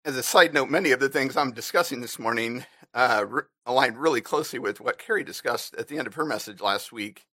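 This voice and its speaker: A man giving a personal reflection to a church congregation, earnest and a little halting. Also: medium pitch, pushed and bright, no room sound, studio quality. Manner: earnest, halting with fillers, briefly emotional.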